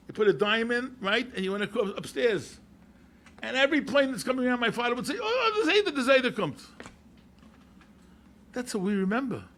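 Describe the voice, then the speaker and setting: A man, a rabbi telling stories to an audience in an animated way, repeating phrases and mixing in Yiddish and Hebrew words. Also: high-pitched, creaky, slight background noise. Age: 70s. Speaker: rabbi and yeshiva head. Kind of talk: storytelling talk to an audience.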